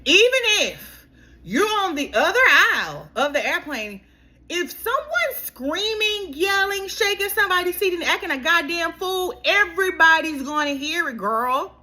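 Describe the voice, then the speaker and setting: Lively high-voiced woman recapping reality TV. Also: moderate pace. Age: adult. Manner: animated, exasperated, talks straight to the cast, keeps saying girl. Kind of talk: casual reality show recap.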